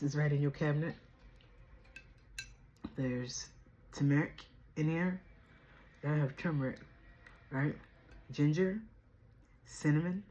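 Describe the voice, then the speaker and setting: A woman's voice: low-pitched, a little mellow, slight background noise. A woman hosting a casual home video chat, playful and chatty, often laughing. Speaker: vlogger host. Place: at home indoors. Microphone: camera.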